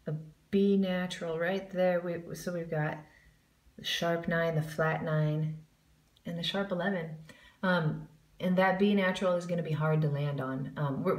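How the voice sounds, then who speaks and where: A woman's voice: low voice, echoey room. A woman giving a jazz singing lesson, explaining the music and counting in before she scat-sings the examples. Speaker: vocal jazz teacher.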